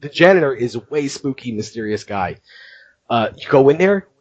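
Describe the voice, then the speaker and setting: A man hosting a podcast, recounting things in an animated, chatty way and laughing often. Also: mid-range voice, moderate pace, no room sound, highs cut off. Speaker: podcast host. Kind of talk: casual podcast chat.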